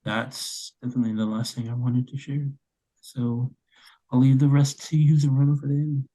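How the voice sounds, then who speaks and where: A man's voice: mid-range voice, flat delivery, normal speed, mellow, poor audio. A young man in his twenties co-hosting a casual podcast, speaking earnestly with many fillers. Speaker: podcast co-host.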